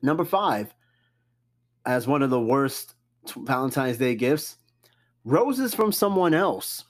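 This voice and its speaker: A man hosting a casual solo podcast, reading out a list and reacting with loud, profane, joking comments. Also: mid-range voice, slow pace. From New York. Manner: animated, cussing, jokey reactions to a list. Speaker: podcast host.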